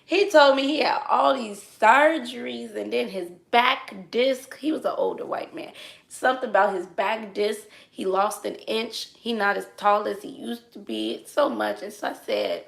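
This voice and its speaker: Chatty woman with a gravelly edge. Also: on the high side, animated, moderate pace. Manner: chatty, colloquial, drops to soft asides. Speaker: dancer. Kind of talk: casual storytelling.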